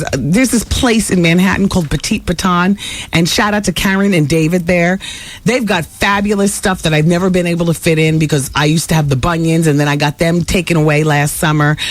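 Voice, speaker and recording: Brassy talk radio woman, gossipy. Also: no room sound. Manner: brassy, theatrical, swoops high when excited. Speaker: radio talk show host. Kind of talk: casual radio gossip chat.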